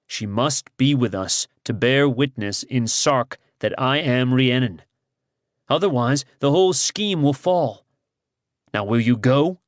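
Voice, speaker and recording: A man's voice: mid-range voice, animated, takes it slowly, no room sound, studio quality. A man voicing a proud hero who poses as a god, speaking in grim, ringing, commanding tones. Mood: urgent.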